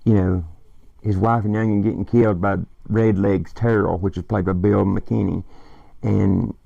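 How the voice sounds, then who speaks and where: Gravelly, dark-voiced man rambling. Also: lowish voice, level tone, moderate pace, no echo, dull audio. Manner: rambling, swearing, quoting lines. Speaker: movie fan vlogger. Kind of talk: casual movie retelling.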